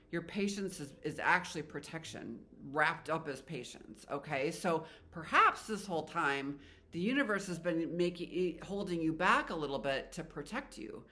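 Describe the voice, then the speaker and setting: Tarot reader, woman, rambling and heartfelt, bright clear tone. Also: sits low. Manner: chatty, rambling, emotional, spiritual. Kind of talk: casual tarot reading to viewers.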